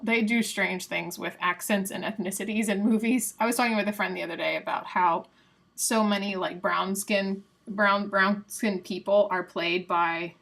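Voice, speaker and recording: American woman, casual stream chat, reads answers out loud, giggles a lot, mid pitch. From United States. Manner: chatty, laughs often, reads quiz answers aloud to chat. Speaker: livestream host.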